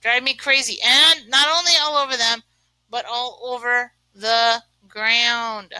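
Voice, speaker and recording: A woman's voice: on the high side, steady tone, slow, pushed and bright, clear, resonant tone, dry recording, poor audio. A woman teaching a remote lesson, chatting and thinking aloud as she writes, with many fillers. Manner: chatty, uses lots of fillers. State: sneezing from allergies.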